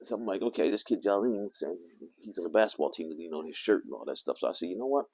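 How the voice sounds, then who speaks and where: A man with a low, husky voice tells a rambling personal story for his vlog. His delivery is animated, and his pitch leaps around as he swings from loud to hushed. There is a gravelly edge throughout. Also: fast. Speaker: vlogger.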